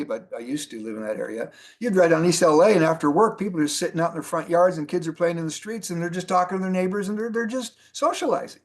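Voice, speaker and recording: A middle-aged man gives a motivational training talk in a fairly high voice. He is animated and hammers home his key points by repeating them. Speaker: network marketing trainer.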